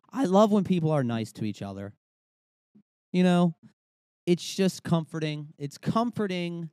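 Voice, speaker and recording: A young podcast host rants in a loose, comedic way, swearing freely and drifting into asides. His voice sits a little high for a man and swings widely in pitch. The recording is close and dry. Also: clear, resonant tone, dry recording. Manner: animated, swearing, rambling with frequent asides. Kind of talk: casual comedic rant.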